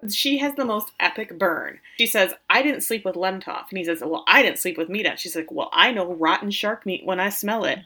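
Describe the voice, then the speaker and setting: Young woman with a bright voice, recapping a movie, doing goofy character voices. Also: medium pitch, a little fast, hardly any pauses. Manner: acts out character lines with silly voices and laughs. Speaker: podcast co-host. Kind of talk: casual movie recap chat.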